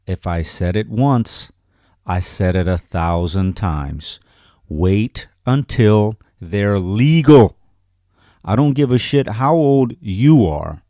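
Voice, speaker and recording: Exasperated low-voiced man ranting. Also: mellow, no room sound, studio quality. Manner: exasperated, repeats "you know what I mean". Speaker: podcast co-host. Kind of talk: profane ranting commentary.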